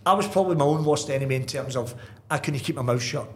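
A middle-aged man, a guest telling lively stories in casual chat, full of asides and restarts. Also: mid-range voice, quick pace, a little hiss or hum. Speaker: guest, football manager. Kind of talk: casual anecdotal storytelling.

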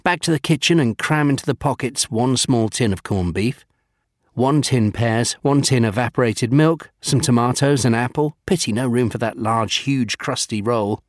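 A man narrates a storybook at an easy middle pitch. He lingers over long lists with gentle humour, and the recording is dry and close. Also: moderate pace, no echo.

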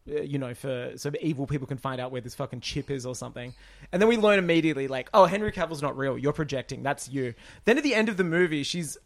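A man co-hosting a podcast, in casual chat, retelling a film in an animated, exasperated way with rambling asides. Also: fairly high pitch. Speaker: podcast co-host.

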